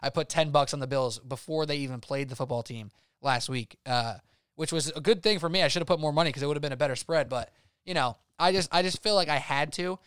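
Smooth-voiced man, emphatic betting picks. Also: a little high, fairly bright tone, dry recording, clean studio sound. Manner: emphatic, rapid-fire opinions. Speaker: sports betting podcast co-host. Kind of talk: casual sports betting chat.

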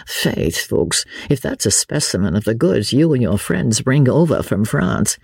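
A woman voicing a lazy, foppish English nobleman who drawls good-humoured oaths in an audiobook. Her voice is gravelly and husky. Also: rumbling low, very animated, a little slow, a little mellow, dry recording, clean studio sound, full character voice. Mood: jovial. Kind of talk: audiobook character reading.

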